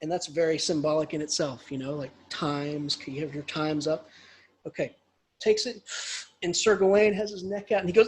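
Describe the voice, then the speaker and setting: A man, an English professor, retelling a story in a casual, animated lecture. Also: sits high, normal speed, husky.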